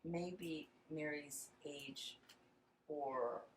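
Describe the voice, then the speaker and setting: A woman's voice: low-pitched, steady tone, very slow. A woman from Texas with a slight Texan accent, telling family stories in a casual interview, chatty and full of fillers. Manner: chatty storytelling with frequent fillers. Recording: audible background noise.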